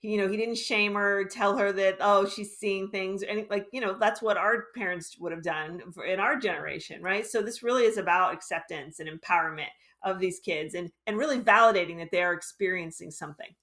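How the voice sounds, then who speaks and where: A woman's voice: medium pitch, a little fast, few pauses, a bit bright. Earnest woman author explaining. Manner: earnest, explanatory, thinking aloud. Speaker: author guest. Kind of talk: casual interview chat.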